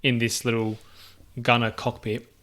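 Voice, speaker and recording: A man's voice: mid-range voice, monotone, unhurried, fairly bright tone. A man co-hosting a podcast, chatting casually about a film in a laid-back, agreeable way. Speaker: podcast co-host. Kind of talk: casual movie review chat.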